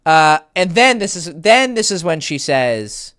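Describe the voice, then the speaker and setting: A man's voice: fairly high pitch, very animated, unhurried, fairly bright tone, clear, resonant tone, no echo, clean studio sound. Rambling, profane male dating coach. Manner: rambling, profane, self-correcting. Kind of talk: casual storytelling.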